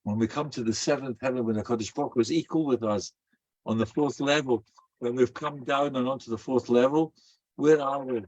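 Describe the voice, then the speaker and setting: An older rabbi preaching through stories, with a husky, breathy edge to his voice. His pitch sits in the middle, and he brings anecdotes alive with lively delivery. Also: a little fast, muffled recording. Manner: animated, acts out quoted voices. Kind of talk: storytelling sermon.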